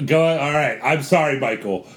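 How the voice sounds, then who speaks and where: A man's voice: mid-range voice, moderate pace, background noise. A man co-hosting a podcast in casual banter, argumentative and mocking, swearing freely. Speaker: podcast co-host.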